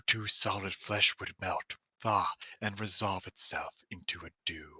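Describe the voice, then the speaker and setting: A man reading aloud and joking with friends in a quick, playful way during a group readthrough. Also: sits low, bright, forceful tone, breathy edge, no echo.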